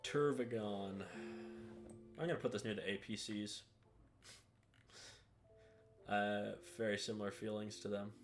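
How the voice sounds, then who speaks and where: A man with a fairly low voice talks through a tier list in a relaxed, offhand way. He trails off, says "uh" and "eh" a lot, and sounds casual. Guitar music plays clearly underneath him. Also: measured pace, long pauses. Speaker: hobby video creator.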